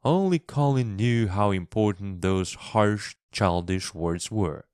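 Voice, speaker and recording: A man who tells stories and teaches English, reading a storybook for English learners in a slow, expressive way. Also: fairly low pitch, smooth, no room sound, clean studio sound.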